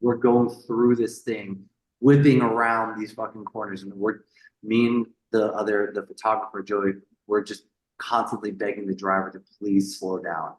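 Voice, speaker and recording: A man with a lowish voice tells a story as a podcast guest, animated and swearing freely. He repeats words as he goes and acts out the people he quotes. The room around him sounds echoey. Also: normal speed. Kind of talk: casual storytelling interview.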